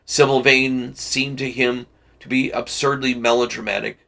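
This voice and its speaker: A man reading a classic novel aloud for a book club, measured and deliberate with occasional slips. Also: medium pitch, little pitch movement, creaky, bright, forceful tone.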